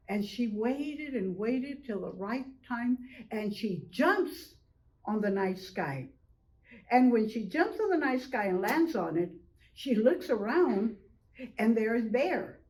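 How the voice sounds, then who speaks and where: An older woman telling a traditional animal story slowly, drawing out repeated phrases. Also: on the high side, a little mellow, low-quality recording.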